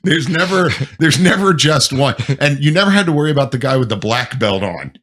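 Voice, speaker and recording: Animated, expressive young man. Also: a little high, fairly quick. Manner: animated, acting out yelled quotes and laughing. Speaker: host. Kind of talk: casual podcast chat.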